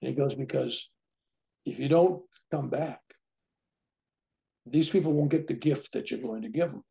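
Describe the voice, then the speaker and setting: A man's voice: medium pitch, moderate pace, vocal fry, dark tone. A man in his seventies, an interview guest telling a personal story casually, acting out the dialogue and often checking in with "right?". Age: 70s. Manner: acts out quoted dialogue, tags lines with "right?".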